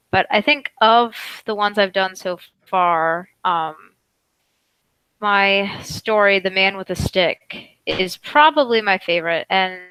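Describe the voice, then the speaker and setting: A woman's voice: on the low side, bright, forceful tone, smooth, no echo, poor audio. A woman who narrates stories and co-hosts the chat, speaking hesitantly with many fillers. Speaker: narrator and co-host. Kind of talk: casual chat.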